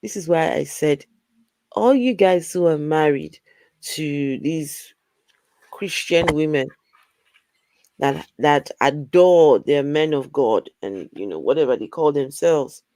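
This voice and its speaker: A woman's voice: low voice, big pitch swings, takes it slowly, mellow, dry recording. Blunt woman hosting a live stream. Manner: blunt, exasperated, talks directly to her co-host. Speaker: host. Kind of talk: casual live-stream commentary.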